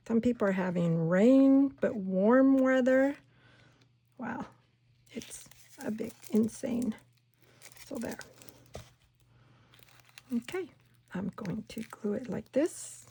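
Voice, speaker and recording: Slow, husky woman chatting while crafting. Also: fairly high pitch. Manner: chatty, talks herself through each step, drops into soft whispers. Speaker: craft channel host. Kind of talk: casual crafting tutorial.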